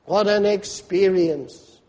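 A man's voice: high voice, slow pace, a little mellow. A man preaching a sermon with fervent, swelling emphasis. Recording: long hall reverb.

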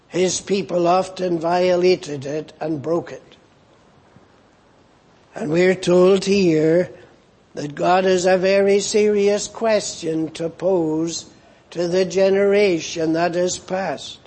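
A man preaching a sermon in a slow, earnest way, rising into pleading questions. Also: high-pitched, darkish tone, breathy edge.

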